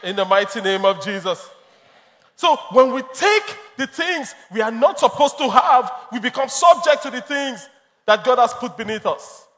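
A man's voice: very high voice, expressive, normal speed, fairly bright tone. A man preaching a sermon, emphatic and storytelling, laughing often. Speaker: pastor. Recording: long reverb of a large hall.

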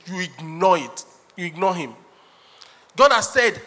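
A man's voice: sits high, expressive, normal speed, long pauses, bright, forceful tone. A man preaching a sermon as pastor, joking, acting out quotes and laughing often. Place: church hall. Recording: reverberant hall.

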